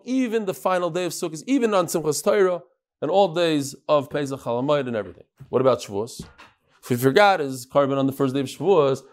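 A man teaching a Talmud class in a lively, joking lecture style, sometimes chanting phrases. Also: on the high side.

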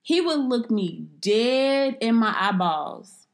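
A woman's voice: on the high side, lively intonation, slow pace. A young woman co-hosting a casual podcast, blunt and profane, ranting playfully. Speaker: podcast co-host.

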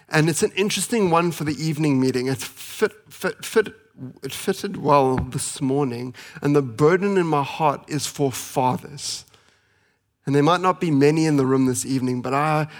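A pastor in his thirties delivers a sermon in a slightly higher-pitched voice. He sounds earnest and pleading. He lingers on key phrases and hurries through family anecdotes. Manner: earnest, pleading, with slow emphatic pauses and fast anecdotes.

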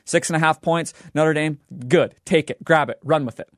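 A young man hosting a sports betting show, talking in an animated, joking and emphatic way. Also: on the high side, moderate pace, dry recording, clean studio sound. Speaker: sports podcast host. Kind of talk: scripted sports commentary.

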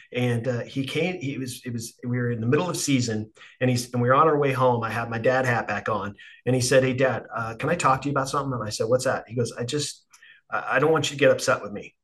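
A middle-aged man hosting a relaxed conversation. He tells a family story in a loose, conversational way and often restarts his sentences. His pitch sits in the middle range. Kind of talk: casual conversation.

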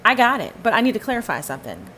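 A woman's voice: on the high side, huge pitch swings, racing, fairly bright tone, a little hiss or hum, low-quality recording. A woman hosting a podcast, giving a fervent, emphatic spoken testimony and repeating phrases for stress. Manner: talks to listeners and to God in turn. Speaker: podcast host.

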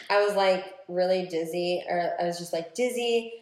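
A woman's voice: lowish voice, unhurried. Chatty young woman, roomy phone recording. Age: 20s. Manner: chatty storytelling with many "like" fillers. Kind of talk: casual chat.

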